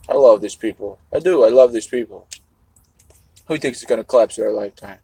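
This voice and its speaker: A man's voice: lowish voice, brisk, mellow, slightly rough, no room sound, rough recording. A man hosting a live stream, rambling to his chat while eating, swearing casually as he goes. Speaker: livestream host.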